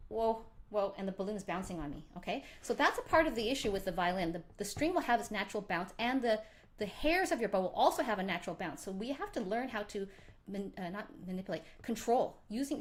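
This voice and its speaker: A woman leads a violin workshop with animated, hands-on explanations. She sings out bowing patterns as she demonstrates them, in an ordinary mid-range voice. A faint hiss sits under the recording. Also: medium pitch, a little fast. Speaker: violin teacher. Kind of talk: live online workshop lesson.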